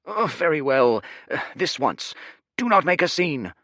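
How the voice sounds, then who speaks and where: A man's voice: a little high, sing-song, unhurried, fairly bright tone, dry recording, studio quality, voice pushed up. A man voicing a fawning, formal restaurant server who speaks in obsequious courtesies. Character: fawning male restaurant server, polite and greedy.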